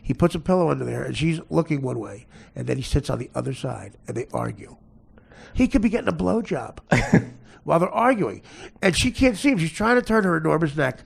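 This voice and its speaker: A comedian host, a man, riffs in a crude, mocking way and breaks into laughter between jokes. His voice is high and deeply gravelly.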